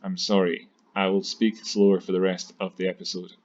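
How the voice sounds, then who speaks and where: A man hosting a channel, talking through crypto price charts quickly, with many fillers and restarts. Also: deep voice, level tone, muffled recording. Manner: fast-talking, with many fillers and self-corrections. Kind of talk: screen-share technical analysis commentary.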